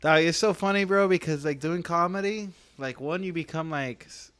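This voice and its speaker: A man's voice: on the high side, moderate pace, fairly bright tone, smooth. A man, a comedian, telling stories in a casual podcast chat, slangy and laughing as he goes. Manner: laid-back, slangy, peppers speech with "bro" and "dog".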